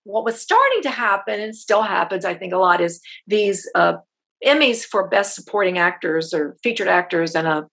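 Husky-voiced middle-aged woman, chatty actress rambling through stories, medium pitch. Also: animated, fairly bright tone. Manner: chatty storytelling, halting restarts. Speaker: actress, interview guest. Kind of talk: casual interview chat.

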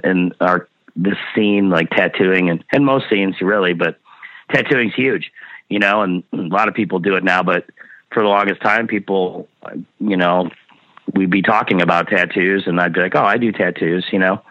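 A man in his fifties with a low voice and moderate pace appears as a guest musician in a casual interview, speaking bluntly, swearing freely, and often repeating words. The recording is dry and dull lo-fi, with no echo.

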